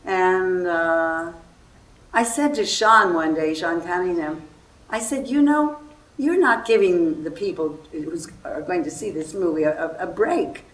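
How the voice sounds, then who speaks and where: An older actress telling stories at a festival talk, lively and acting out the people she quotes. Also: lowish voice, measured pace. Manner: animated storytelling, acts out quoted voices. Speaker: guest actress. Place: festival hall before an audience. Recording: far-off roomy hall recording, faint noise.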